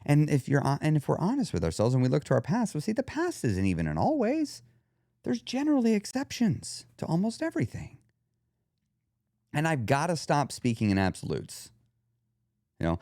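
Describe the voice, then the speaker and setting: Animated man coaching into a dry mic. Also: fairly high pitch, a little fast, no room sound. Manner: animated, coaching, talks straight to the listener. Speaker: weight loss coach. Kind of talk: podcast monologue.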